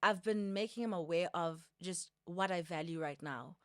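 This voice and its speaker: A woman's voice: on the low side, moderate pace, no room sound, clean studio sound. A woman in her early thirties, a guest in a casual podcast chat, earnest and reflective, repeating phrases for emphasis. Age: 30s.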